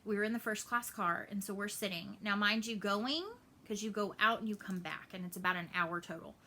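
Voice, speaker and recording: A woman, chatting casually in a cross-stitch vlog update and telling stories with lively asides. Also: mid-range voice, fairly quick, slight background noise. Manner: animated storytelling, acts out family voices.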